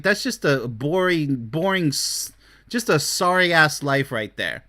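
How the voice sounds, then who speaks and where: A man hosting a relationship advice show, talking with excitable, blunt energy in a bright, lively voice and swinging between loud bursts and mocking mumbles. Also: high voice, normal speed. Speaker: relationship expert and show host. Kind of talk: animated solo commentary.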